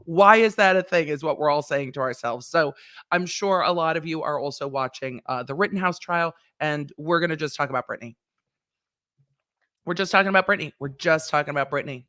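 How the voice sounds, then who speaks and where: A woman's voice: sits low, a bit bright. Chatty woman lawyer hosting a livestream. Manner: chatty, rambling, swears and laughs often. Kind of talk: casual livestream commentary.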